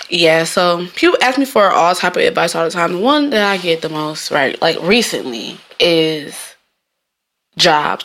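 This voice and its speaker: Lively, animated woman podcast host. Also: medium pitch, slight background noise. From Jamaica. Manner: animated, rambling, laughs often. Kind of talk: casual solo podcast monologue.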